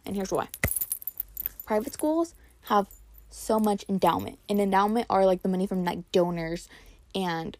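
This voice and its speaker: A woman's voice: medium pitch, normal speed, darkish tone, no echo. Chatty young woman, lots of "like". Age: young adult. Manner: chatty, heavy on "like" fillers. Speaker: incoming college student. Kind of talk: casual storytime vlog.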